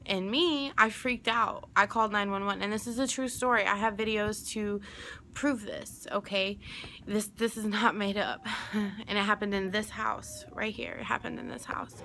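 A woman's voice: medium pitch, steady tone, normal speed, bright, forceful tone, a little hiss or hum. A young adult woman telling a personal story in a casual, rambling, emphatic way.

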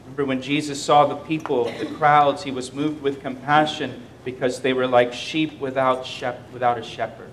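A man's voice: medium pitch, steady tone, moderate pace, hardly any pauses, a little hiss or hum. A man, a pastor, giving a verse-by-verse sermon, reading scripture aloud with rising emphasis and explaining it plainly between verses.

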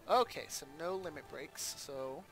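A man talks his way through a game in a loose, chatty manner, pausing with ums as he decides what to do. His voice is bright and sits a bit high for a man. Faint game music plays behind him. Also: expressive. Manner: chatty, thinks aloud with ums and asides. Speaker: let's play host. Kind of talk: casual gameplay commentary.

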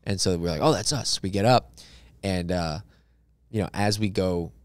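A man, a comedian guest on a podcast, telling a story in casual, lively fashion and acting out the people in it. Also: deep voice, moderate pace, clean tone, no echo. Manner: animated, acts out characters in his story.

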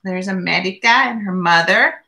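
A woman reading a picture book aloud, going slowly and stopping to describe the pictures. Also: mid-range voice, pushed and bright. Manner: slow and deliberate, pausing to describe the pictures. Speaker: reader.

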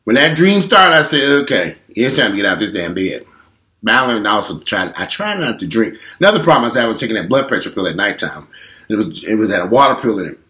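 A man in his forties telling a candid, profane story straight to his viewers in an animated way. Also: fairly low pitch, fast. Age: 40s. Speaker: vlogger.

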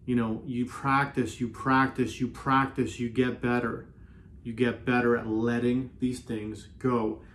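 A man hosting a self-help video, talking earnestly in a casual motivational way, often repeating himself and slowing down on key phrases. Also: mid-range voice, level tone, fairly bright tone, a little hiss or hum. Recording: roomy echo.

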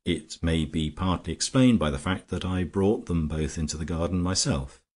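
A man voicing a calm, grave English gentleman detective in a storybook reading, speaking in a measured, explanatory way. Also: low voice.

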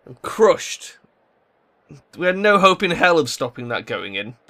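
Playing a football tactics game, a young gaming YouTuber lets off sweary, exasperated commentary. His voice sits a little high and has a sing-song lilt, coming out slightly fast, pushed and bright.

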